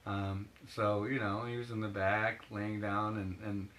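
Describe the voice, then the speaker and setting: Bright-voiced man telling stories. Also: fairly low pitch, flat delivery, measured pace, slight background noise, rough recording. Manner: rambling anecdotes with frequent laughs and acted-out quotes. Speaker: photographer, interview guest. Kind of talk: casual storytelling in an interview.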